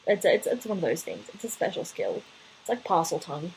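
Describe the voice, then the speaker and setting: A woman's voice: on the low side, big pitch swings, a little fast, a little mellow, breathy edge, rough recording. A woman in her twenties co-hosting a podcast, thinking things through aloud in casual chat. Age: 20s. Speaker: podcast co-host.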